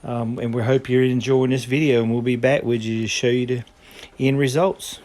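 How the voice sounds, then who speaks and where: A man's voice: mid-range voice, flat delivery, normal speed, a little mellow. A man, talking casually and folksily while demonstrating cooking in his home kitchen. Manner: folksy, rambling, frequent ums. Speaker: home cooking channel host.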